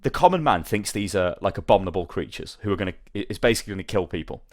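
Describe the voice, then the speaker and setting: A man hosting a casual podcast, telling an animated story and swearing freely. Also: low-pitched, racing, no room sound, clean studio sound. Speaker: podcast host. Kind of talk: casual chat.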